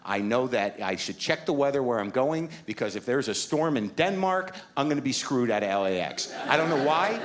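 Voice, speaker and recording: A man's voice: mid-range voice, lively intonation, fairly quick, few pauses, a crowd in the background. A middle-aged man performing stand-up comedy, telling a story in a rambling, anxious and emphatic way. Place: comedy stage.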